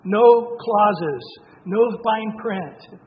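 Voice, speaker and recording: A man with a high-pitched voice delivers a sermon, emphatic and conversational, with asides to his listeners. The recording is dull and lo-fi, and his voice trails off into a long hall reverb. A faint hiss sits underneath. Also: drawn-out words. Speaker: preacher.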